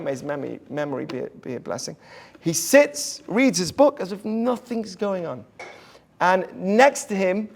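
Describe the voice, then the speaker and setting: A man, a rabbi, giving an inspirational talk to an audience and telling stories in an earnest way. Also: high-pitched. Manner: earnest storytelling, drops to a hush for quoted lines.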